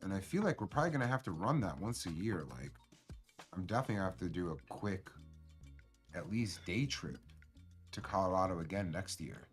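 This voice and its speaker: A man's voice: low-pitched, lively intonation, fairly quick, faint music behind. A man hosting a casual live stream, talking in loose, profane, rambling slang to his chat. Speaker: cannabis stream host.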